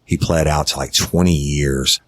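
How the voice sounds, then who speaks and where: A middle-aged man tells a true crime story from his years as a detective. His voice is extremely deep and he keeps a flat, level delivery. He talks bluntly and swears freely. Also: unhurried. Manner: blunt and profane. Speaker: podcast host, former detective.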